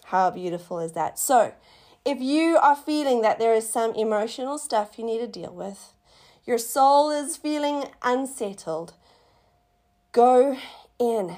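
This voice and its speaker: Middle-aged woman host, higher-pitched voice, excitable devotional chat, animated exclamations. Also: measured pace. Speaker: faith podcast host. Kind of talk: casual testimony and devotional talk.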